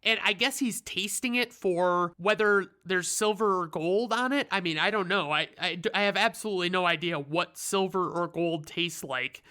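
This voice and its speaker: A man's voice: sits high, normal speed, hardly any pauses, bright, forceful tone, smooth. Sarcastic, profane man recapping a movie. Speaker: reviewer.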